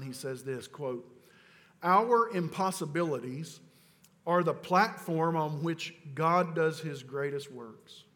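High-voiced preacher man in a reverberant hall. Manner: emphatic preaching, swinging from loud urgent declarations to low, slow, quiet stresses; casual asides mixed with scripture teaching. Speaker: pastor. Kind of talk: sermon.

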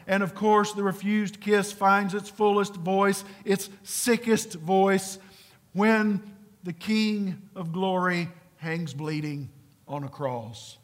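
A high-voiced man preaching slowly and deliberately, earnest and pleading. He often sinks to a hushed near-whisper to drive a point home. His voice rings with long reverb in a large church hall. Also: fairly even intonation. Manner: earnest, pleading, dropping to a hushed low voice for emphasis. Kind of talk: sermon.

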